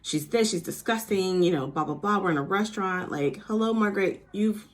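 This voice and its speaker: A woman's voice: medium pitch, a little fast. A woman chatting casually as she recaps a reality TV episode, full of "like" and "you know", now and then acting out cast members in a mock New Jersey accent.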